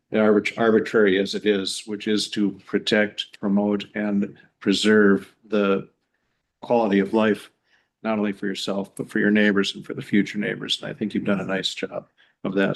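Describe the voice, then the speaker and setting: Man, low voice, monotone delivery, board member, measured. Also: gravelly, rough recording. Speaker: commission member. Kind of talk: public meeting deliberation.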